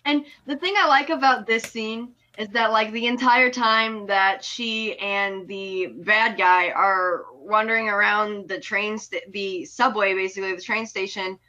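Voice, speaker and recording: A woman chatting about a movie, retelling the plot with lots of "you know". Her voice is bright and forward. The recording sounds dull and lo-fi. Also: medium pitch, fairly even intonation, a little slow, hardly any pauses. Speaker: film reviewer. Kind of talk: casual chat.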